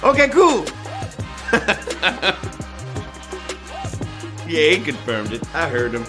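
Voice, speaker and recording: A man hosting a live trivia game show, goofy and teasing, squealing high and singing bits with faint music behind. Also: huge pitch swings, very slow. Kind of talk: live-streamed trivia hosting, playful banter. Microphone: phone.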